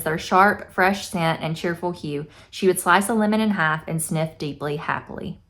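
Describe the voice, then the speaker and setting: A woman's voice: fairly low pitch, moderate pace, few pauses, fairly bright tone. A young woman in a casual book review vlog, chatty and effusive, reading passages aloud. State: teary-eyed. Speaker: book vlogger.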